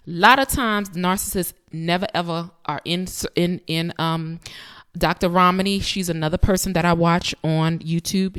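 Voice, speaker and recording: A woman's voice: on the low side, clean tone. A woman hosting a reaction commentary, speaking emphatically and straight to her viewers. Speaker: commentary host.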